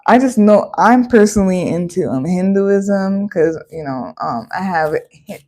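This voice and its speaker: A woman giving a casual tarot card reading, chatty and animated, breaking into exclamations and playful voices. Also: on the low side, measured pace.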